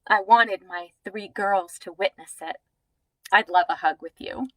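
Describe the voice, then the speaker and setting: A woman's voice: mid-range voice, measured pace, fairly bright tone, no echo, lightly acted, rough recording. A woman voicing an eager young mother of three girls, quoted in a spoken story.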